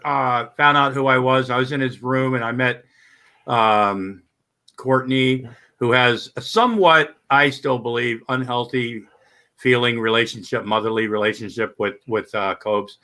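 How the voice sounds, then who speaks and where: Bright-voiced rambling man chatting. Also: medium pitch, steady tone, measured pace. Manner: rambling storyteller, lots of fillers. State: stoned. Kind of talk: casual profane chat.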